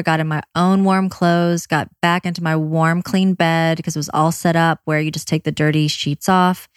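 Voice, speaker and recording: A woman candidly telling her own birth story, quick and blunt, with swearing and many fillers. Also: low voice, no echo, studio quality. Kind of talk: personal storytelling.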